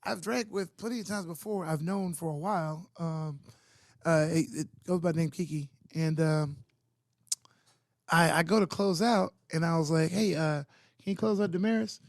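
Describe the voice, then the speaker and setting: Man, quiet casual storyteller, very high voice, podcast co-host, dry recording. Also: steady tone, normal speed, dry recording.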